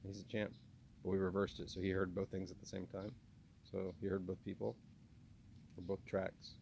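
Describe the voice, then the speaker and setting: A man with a faint Southern, Texan twang speaks in a fairly low voice, rambling through a spoken video journal. He refers to himself in the third person and keeps restarting and stumbling over his words. A faint ambient hum sits underneath. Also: monotone, normal speed, gravelly, a little mellow. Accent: slight Southern US (Texan). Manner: talks about himself in third person, many restarts and stammers.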